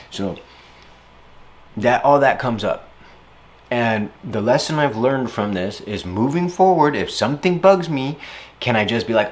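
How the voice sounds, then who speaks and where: Man, reflective interview monologue, rambling and casual, voice lifts when he quotes himself. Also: medium pitch.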